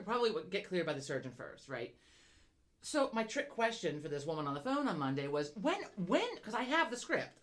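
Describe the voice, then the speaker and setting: A woman co-hosting a casual chat, telling a rambling, profane story with frequent restarts and laughter. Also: sits low. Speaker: podcast co-host.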